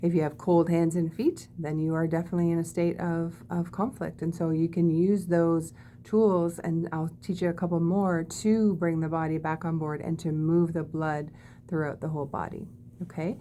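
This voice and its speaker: A woman teaching body-calming techniques in a gentle, demonstrative way, often checking in with "okay?". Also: deep voice, normal speed, slight background noise. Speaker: wellness teacher. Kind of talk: guided body-calming lesson.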